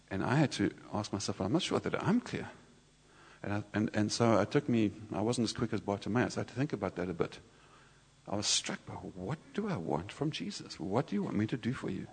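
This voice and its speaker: A man gives a personal sermon testimony in a conversational, halting way, often starting over mid-sentence. His voice is slightly low and husky. It rings with the long reverb of a church hall. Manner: conversational, halting with many restarts. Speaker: church speaker.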